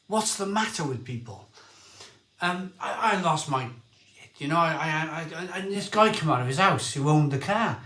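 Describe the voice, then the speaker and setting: A middle-aged man hosting a casual livestream, telling rambling, excitable stories and reading out viewer comments. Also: on the high side, moderate pace, reverberant. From Barry, Wales. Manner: rambling storyteller, lively and excitable, often restarts sentences. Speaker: livestream host.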